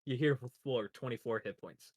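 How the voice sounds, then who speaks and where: A man's voice: medium pitch, normal speed, no echo. A man acting as game master, narrating a tabletop role-playing session.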